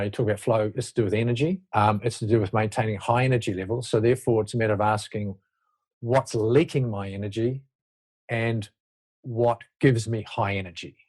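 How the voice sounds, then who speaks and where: In a conversational interview, a man serving as a leadership expert explains his ideas in a loose, reflective way, often beginning sentences again. His medium-pitched voice is a little mellow with a breathy edge.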